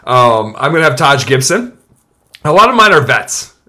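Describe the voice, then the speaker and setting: A man's voice: medium pitch, very animated, normal speed, sharp tone. Chatty male sports podcast co-host. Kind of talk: casual sports podcast chat.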